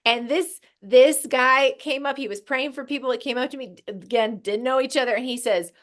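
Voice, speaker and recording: A woman's voice: high-pitched, fairly quick. A woman guest on a radio talk show, casually telling her story, laughing often and acting out what she said back then. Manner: animated, laughs often, acts out quoted speech. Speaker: guest, youth program founder. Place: radio studio.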